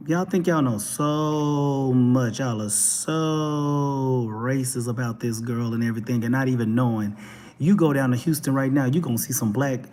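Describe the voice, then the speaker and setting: A man with a Texan accent giving casual, animated commentary as a talk show host, speaking straight to his viewers. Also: on the high side. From Texas. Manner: animated, preachy, addresses viewers directly.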